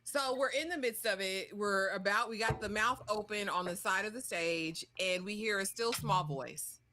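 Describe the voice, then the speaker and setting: A woman's voice: mid-range voice, moderate pace, bright, forceful tone, slight background noise. A woman hosting a live episode discussion, retelling scenes and acting out the lines in quotes. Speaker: show host.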